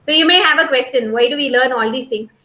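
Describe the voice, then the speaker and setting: A high-pitched woman teaches a college literature class over a video call. She explains slowly and patiently, repeats her points and keeps checking whether students follow. The sound is roomy, with a noticeable echo. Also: pushed and bright, lo-fi sound. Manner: explains patiently, repeats points, asks "okay?" and "got it?" often. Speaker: college English lecturer. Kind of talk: online class lecture.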